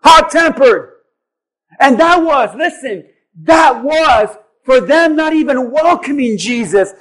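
A man with a very high voice preaches to his church. He swings between shouting and dropping to a near hush. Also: animated, slow. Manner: swings between shouting acted disciples and soft hushed assurance. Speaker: pastor. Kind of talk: sermon.

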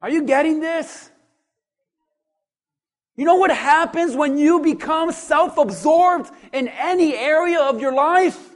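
High-voiced man preaching a lively sermon. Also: slow pace. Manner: animated preaching, acts out voices, swings from quiet to loud. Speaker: pastor.

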